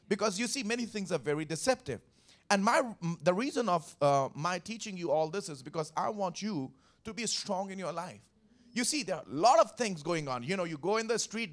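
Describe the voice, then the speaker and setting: A pastor with a high-pitched voice gives an emphatic Sunday morning sermon. Taking scripture one verse at a time, he repeats his key lines for weight and keeps calling on the congregation to answer.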